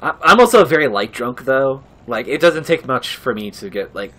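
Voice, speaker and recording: A laid-back man trading casual banter over a game playthrough. His pitch rises and falls a lot as he talks, and he swears freely and laughs often. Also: sing-song, normal speed, pushed and bright.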